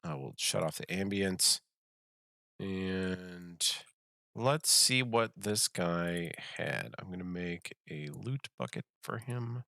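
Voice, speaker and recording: A man's voice: sits low, lively intonation, slow, vocal fry, sharp tone, no echo, studio quality. A man running an online tabletop game as game master, teasing his players and laughing often.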